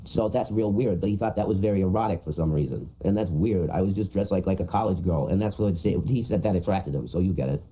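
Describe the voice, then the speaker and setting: Man, livestream chatter, very dark tone, lowish voice, rambling and crude. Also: quick pace, few pauses, husky, rough recording. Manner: rambling, crude, repeats himself.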